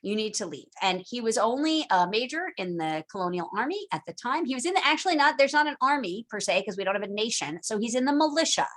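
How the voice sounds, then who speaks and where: This teacher, a woman, runs an informal online class by video call, animated and conversational, doing humorous impressions of historical figures. She talks fast with a fairly high pitch and barely pauses.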